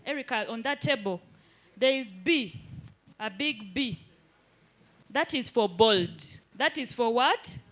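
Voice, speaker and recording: A woman's voice: sits high, sharp tone. A woman teaching a live hands-on workshop in an indoor training room, keeps checking that the group follows. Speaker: digital skills trainer.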